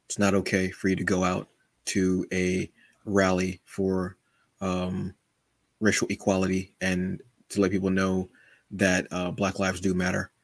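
A man co-hosting a podcast in casual chat, from the United States, animated and often calling his co-host brother. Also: low-pitched, measured pace, no room sound, clean studio sound. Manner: animated, says "brother" often, acts out quotes.

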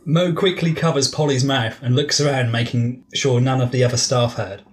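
A man's voice: mid-range voice, steady tone, normal speed. A man narrating improvised comic scenes in an amused, chatty way. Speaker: narrator and game runner.

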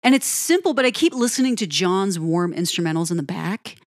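A woman giving an admiring, unhurried commentary on a pop ballad. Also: on the low side, lively intonation, no echo, studio quality. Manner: admiring, lingers on phrases, sings lyric snippets. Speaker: music reviewer. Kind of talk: song-by-song music commentary.

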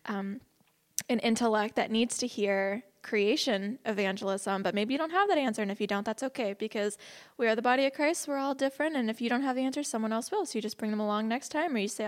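A woman leading a church evangelism class, teaching casually and telling stories, chatty and quick to laugh. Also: on the high side. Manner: chatty, laughs often, animated when quoting others.

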